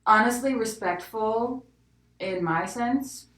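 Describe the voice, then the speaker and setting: A woman's voice: on the high side, slow pace, a bit bright, far from the mic. A young woman with a slight Southern American accent, co-hosting a podcast in a rambling, giggly chat. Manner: giggly, rambling, many likes. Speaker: podcast co-host. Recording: echoey room, off-mic.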